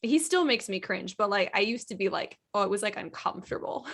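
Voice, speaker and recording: A woman with a Southern American accent, co-hosting a podcast and telling chatty, animated stories with frequent laughter. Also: medium pitch, a little fast. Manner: chatty, animated storyteller who laughs often. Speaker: podcast co-host. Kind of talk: casual chat.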